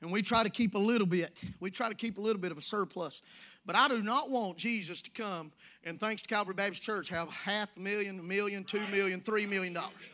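A pastor preaching to his congregation in a very high, piercingly bright voice. He talks folksy and familiar, dropping to hushed asides before climbing into full shouts. The sound carries the feel of a church sanctuary. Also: brisk. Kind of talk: sermon.

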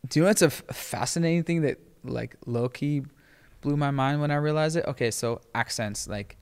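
A man's voice: fairly quick, clean tone. Casual man chatting in a reverberant room. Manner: animated, imitates others in high voices. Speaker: podcast host. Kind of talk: casual chat.

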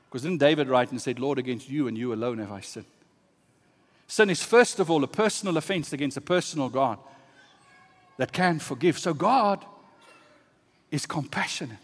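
A man with a fairly high voice preaches a sermon in a church hall, and long reverb trails his words. He tells a lively story, dropping to hushed asides and then rising to loud exclamations.

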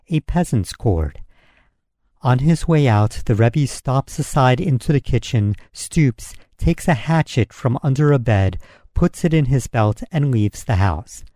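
A man reading a folk story aloud in a measured, solemn storytelling manner. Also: medium pitch, dark tone, no echo, studio quality.

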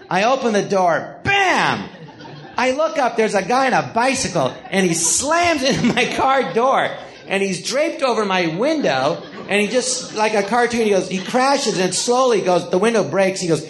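A middle-aged podcast host from the Los Angeles area, high-pitched and speaking at normal speed, tells stories in a casual interview at a small live theater. He's animated, laughs a lot, and acts out quotes.

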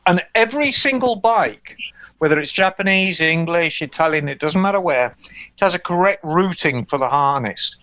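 A man with a high, smooth, resonant voice talks casually on a podcast, thinking aloud and padding with fillers. The sound is close and dry, with little room around it. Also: moderate pace, no echo. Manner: relaxed, thoughtful explaining with many fillers. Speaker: podcast co-host. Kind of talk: casual chat.

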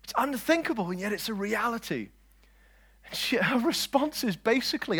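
A man preaching a lively sermon, swinging between loud declarations and quiet asides and joking with his listeners. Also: extremely high pitch, moderate pace, slightly rough. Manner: jokes with the audience.

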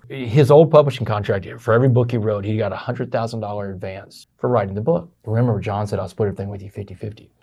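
Man, middle-aged, rapid storytelling, lower voice, husky. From Texas, USA. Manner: fast, animated storytelling with frequent "man". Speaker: motivational speaker. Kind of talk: storytelling interview.

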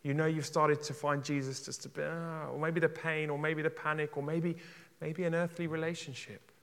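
A man preaching with passion in a church, his fairly high voice trailing off into a long hall reverb. He swings from loud, urgent calls to hushed, tender pleading. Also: flat delivery, normal speed, creaky. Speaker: pastor. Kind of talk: sermon.

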